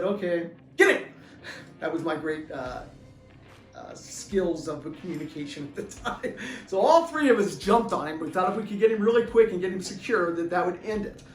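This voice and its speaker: A middle-aged man, an author and former deputy, telling a personal story in an animated, chuckling way. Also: high-pitched. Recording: roomy room, distant mic, faint music.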